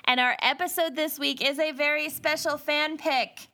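A woman's voice: sits high, fairly even intonation, moderate pace, bright, forceful tone. A woman with a Minnesotan accent co-hosting a podcast in casual chat, upbeat, chatty and a bit tipsy. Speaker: podcast co-host.

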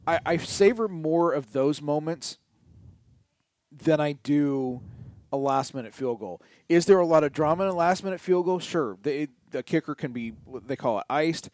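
A middle-aged man co-hosting a podcast, chatting casually about sports and telling stories with drawn-out, emphatic words. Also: a little high, dry recording. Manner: animated storyteller, stretches key words. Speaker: podcast co-host.

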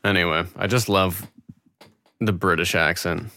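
A man's voice: low-pitched, normal speed, pushed and bright. A man hosting a podcast on his own, chatting casually in a rambling, laid-back way and swearing often. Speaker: podcast host. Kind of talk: casual solo chat.

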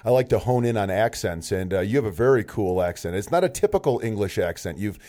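A man's voice: lowish voice, lively intonation, fast talker, warm tone. A man hosting a podcast in casual interview chat, with a playful, joking manner. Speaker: podcast host.

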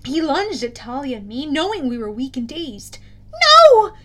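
Audiobook read by a woman with a high voice, steady and plain. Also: moderate pace. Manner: steady storytelling with small self-corrections. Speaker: audiobook narrator. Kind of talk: audiobook narration.

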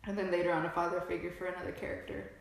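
A woman's voice: lowish voice, flat delivery, rapid-fire, creaky. Young woman podcast cohost, chatty, laughs a lot, super echoey room. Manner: chatty, laughs often, lots of "like" fillers. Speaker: podcast co-host. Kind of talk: casual chat recapping a TV show.

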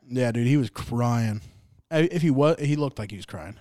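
A man's voice: mid-range voice, expressive, moderate pace, dark tone, dry recording, studio quality. A young man hosting a laid-back sports podcast, rambling, joking and swearing as he reacts to games. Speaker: podcast host. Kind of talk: casual sports chat.

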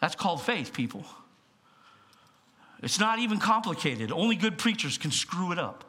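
A man preaching as pastor in a church, telling stories with animated swings between hushed asides and loud bursts. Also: high-pitched, normal speed. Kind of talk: sermon.

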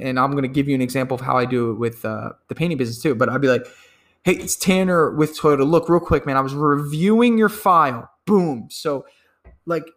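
A man giving a sales training talk, emphatic and quick to act out phone calls, often repeating words as he goes. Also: medium pitch. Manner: repeats words when excited. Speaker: sales coach.

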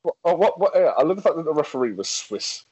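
Talking fast in a slightly rough, somewhat high voice, this English podcast co-host reads out facts, often restarting and laughing along the way. It's an animated, casual chat captured in a low-quality recording with no room sound.

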